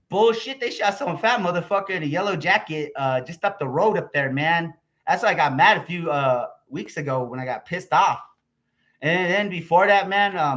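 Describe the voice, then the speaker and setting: On his vlog, an American YouTuber launches into a heated, rambling rant, cursing constantly. His voice is high for a man, bright and forceful.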